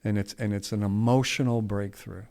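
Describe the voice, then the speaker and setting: A man's voice: on the low side, steady tone, moderate pace, gravelly, a little mellow. Rambling, folksy middle-aged man. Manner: rambling, with restarts and folksy asides. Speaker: podcast co-host. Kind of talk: casual storytelling chat.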